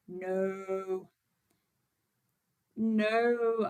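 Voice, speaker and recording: Speaking a little slowly in a mid-range voice, a woman from Birmingham, England, hosts a casual livestream. The vegan activist chats informally and fills her speech with fillers as she talks to viewers during setup.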